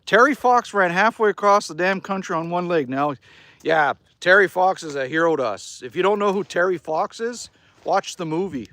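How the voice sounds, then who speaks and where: A Canadian man with a fairly high voice that swings widely in pitch, chatting casually on a livestream. He rambles and swears lightly as he talks to viewers from outdoors beside a fire. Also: expressive, normal speed, sharp tone, no room sound. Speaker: livestream host. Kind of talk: casual live-stream chat reading viewer comments.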